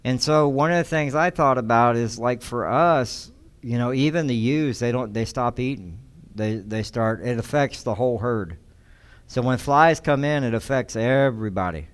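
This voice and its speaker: A male pastor delivers a sermon in a smooth, resonant voice at an ordinary pitch. He reads scripture and then teaches in a loose, conversational way, often restarting his sentences. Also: moderate pace. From United States.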